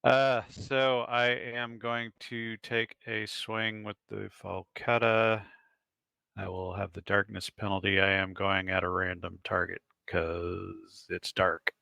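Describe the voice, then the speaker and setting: Tabletop player guy, gravelly voice with a sharp edge, dry close sound, argues the rules. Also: on the low side, level tone, slow, no room sound. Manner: questioning, wry and argumentative. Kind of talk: tabletop game chat.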